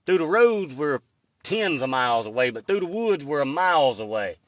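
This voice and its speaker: Out in the woods with a handheld phone, a man live-streams and rambles in a folksy way, responding to viewers' comments. His voice sits a little high, sing-song and fairly bright, at a moderate pace on a dry recording.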